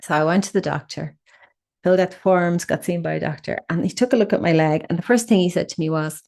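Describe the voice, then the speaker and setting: A middle-aged woman hosting a podcast, telling a personal story in an expressive, animated way. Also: fairly low pitch, fast talker, gravelly. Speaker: podcast host.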